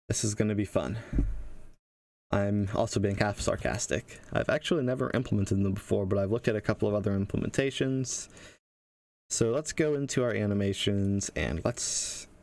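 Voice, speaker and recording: Low-voiced man thinking aloud while coding. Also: creaky, darkish tone, no room sound. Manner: casual, halting, thinks aloud with restarts. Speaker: game developer teaching on a livestream. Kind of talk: thinking-aloud livestream tutorial.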